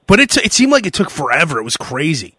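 A young man chats on a podcast, spinning a story with a voice that leaps up and down as he acts out other people's shouts. His tone is bright and forceful, a little higher than most men's. The sound is close and dry. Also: fast, breathy edge, dry recording. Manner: animated storyteller who acts out shouted quotes. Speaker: podcast host. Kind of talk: casual podcast chat.

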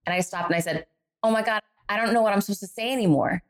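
Animated woman telling a story. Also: mid-range voice, racing. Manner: animated, acts out quoted voices. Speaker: guest, author and speaker. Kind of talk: storytelling in a podcast interview.

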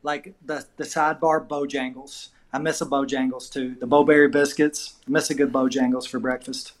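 A man's voice: medium pitch, little pitch movement, normal speed. A man with a Southern accent, a wrestling coach chatting casually on a podcast and telling laid-back stories. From Southern US, Georgia.

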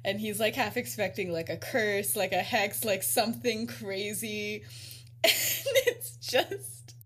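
A young woman co-hosting a podcast, casually retelling a story with frequent giggles, lots of "like", and quick acted-out quotes. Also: mid-range voice, fairly even intonation, fairly bright tone, husky. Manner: giggly, peppered with "like", acts out quotes. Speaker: podcast co-host.

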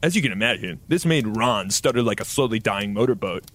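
A man's voice: on the low side, expressive, a little fast, a bit bright. A man reading his own parody fan fiction aloud in mock-dramatic style, adding sound effects. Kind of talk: comedic deadpan story reading.

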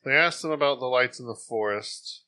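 A man's voice: mid-range voice, moderate pace. A man co-hosting a podcast, chatting casually and retelling a story between frequent laughs. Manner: laughs often, jokey, animated. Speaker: podcast co-host.

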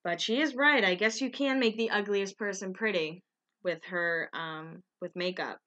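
A woman's voice: mid-range voice, moderate pace, bright, forceful tone, highs cut off. A tired woman chatting casually in a rambling, self-correcting way, recapping a show in one unrehearsed take. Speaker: vlogger recapping a reality show.

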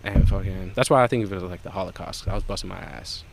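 A man's voice: sits low, very fast, vocal fry, noisy background. Profane young man telling a story. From Jamaica. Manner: profane, rambling, animated. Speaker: podcast guest. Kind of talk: casual storytelling chat.

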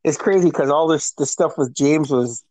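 A man's voice: fairly high pitch, normal speed, no room sound, low-quality recording. Man telling a swear-laced story. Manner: animated storyteller, swears freely, laughs often. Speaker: podcast co-host. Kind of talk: casual chat.

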